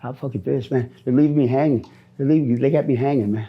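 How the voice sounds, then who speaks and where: A man's voice: medium pitch, quick pace, dull audio. A middle-aged man from Minnesota answering interview questions on the street, rambling, repeating himself and often ending with "man.".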